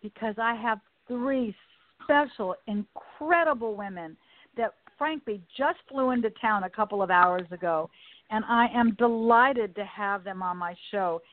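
A woman's voice: on the high side, a little slow, a little hiss or hum. A woman hosting a talk radio show, introducing her guests with enthusiasm. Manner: enthusiastic, effusive. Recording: dry phone-line sound with faint music.

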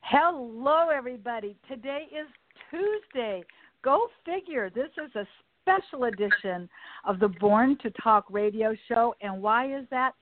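A woman's voice: fairly high pitch, animated, a little slow. Enthusiastic woman hosting over a phone line. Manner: enthusiastic, effusive. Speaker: radio show host. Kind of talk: talk radio interview. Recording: dry phone-line sound with faint music.

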